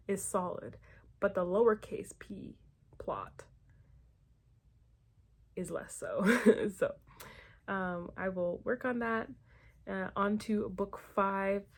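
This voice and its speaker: Slow-talking woman writing vlogger. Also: mid-range voice, a little mellow. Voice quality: slight lisp from retainers. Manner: chatty, with frequent fillers and laughs. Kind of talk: casual chat.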